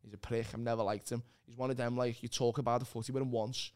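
A man's voice: medium pitch, level tone, darkish tone. A man, a comedian guest telling sweary stories in casual podcast chat, stumbling over restarts and laughing as he goes. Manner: sweary storytelling, halting restarts, laughing often.

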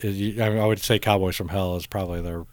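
A man's voice: low-pitched, fast talker, no echo. A man co-hosting a podcast, telling concert stories in a casual, profane way. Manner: profane, animated storytelling. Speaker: podcast co-host. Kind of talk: casual chat.

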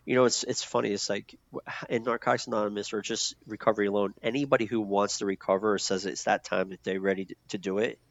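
Man, low voice, casual profane storyteller with fillers; lo-fi, muffled audio. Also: steady tone, fast talker, creaky. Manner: loose and profane, many fillers and restarts. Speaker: guest telling his recovery story. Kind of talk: candid conversational storytelling. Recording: dull lo-fi sound.

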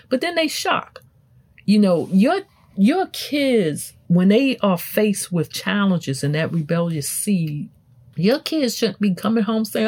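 Woman preaching self-help on her show, swings her pitch up and down. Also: very animated, a little slow, a little mellow. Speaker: self-help podcast host. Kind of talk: motivational talk.

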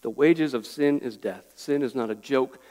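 A man's voice: mid-range voice, normal speed, mellow. A pastor preaching an earnest, pleading sermon, a man who often restarts his words. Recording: echoey hall with long reverb.

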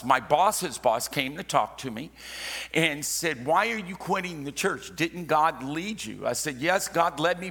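A man preaching a sermon, telling stories with jokey asides and dropping suddenly from loud to hushed. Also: a little high. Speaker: pastor. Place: church sanctuary. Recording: long hall reverb.

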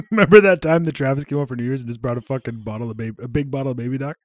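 A man with an average-pitched voice co-hosts a podcast. He talks in an easygoing, casual way and swears here and there. His voice is recorded dry and close. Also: rapid-fire, dry recording. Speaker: podcast co-host. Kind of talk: casual chat.

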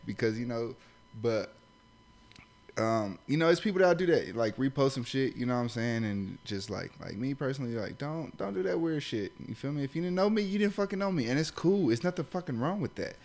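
A man's voice: medium pitch, lively intonation, a little fast, darkish tone. A young man from Los Angeles with a Los Angeles accent, telling stories in a casual chat, loose and profane with many asides.

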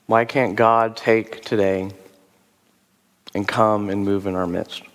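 Pastor with a rough voice in a reverberant hall. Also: male voice, fairly low pitch, fairly even intonation, takes it slowly. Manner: conversational, musing, with fillers and rhetorical questions. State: rough voice after a sore throat. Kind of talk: sermon with altar call. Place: church service.

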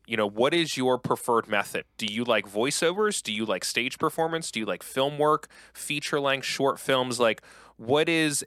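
A man's voice: medium pitch, a bit bright, no room sound. A man hosting an interview, asking curious, chatty questions.

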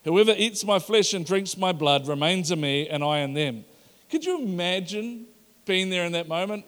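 A man preaching a sermon, animated and acting out the voices of the crowd. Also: high-pitched, moderate pace. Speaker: pastor. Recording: long hall reverb.

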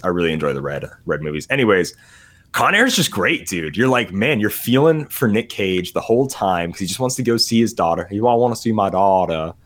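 A man chatting casually on a podcast about movies he watched, rambling, getting sidetracked and laughing often. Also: sits low. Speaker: podcast host. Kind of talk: casual movie review chat.

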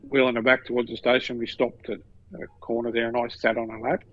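A middle-aged Australian man telling stories in a relaxed chat, acting out the voices of the people in them. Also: medium pitch, fast, highs cut off. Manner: animated, acts out other voices in stories. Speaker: podcast guest. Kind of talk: casual storytelling.

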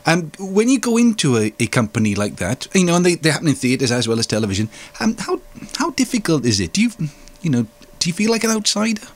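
A man hosting an interview, asking long rambling questions. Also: fast talker. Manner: rambling questions, lively pitch. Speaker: interviewer, host. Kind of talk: conversational interview.

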